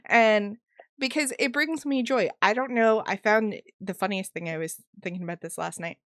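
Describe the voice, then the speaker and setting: A woman's voice: medium pitch, normal speed, fairly bright tone, no room sound, studio quality. Playful, laughing woman podcaster. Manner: playful, self-mocking, laughs often. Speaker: podcast co-host. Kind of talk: casual chat.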